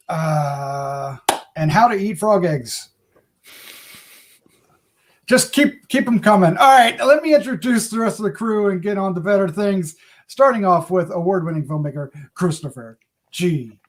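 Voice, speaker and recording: High-voiced bubbly male podcast host. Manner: bubbly, laughs at his own slip-ups. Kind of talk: casual podcast chat.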